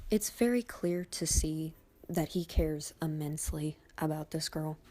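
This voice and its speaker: A woman giving voice-over commentary on body language, measured and analytical, with soft whispery asides. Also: low voice.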